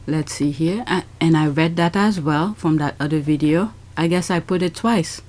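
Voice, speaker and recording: A woman's voice: deep voice, normal speed, a little mellow. Chatty woman reading tweets aloud. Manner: chatty, many fillers, reads aloud and comments. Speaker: commentary channel host.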